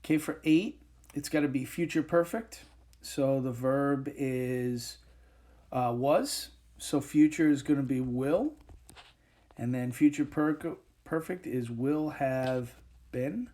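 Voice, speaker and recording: A man teaching an English grammar lesson over a whiteboard recording, explaining step by step with frequent pauses and fillers. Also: mid-range voice, mellow.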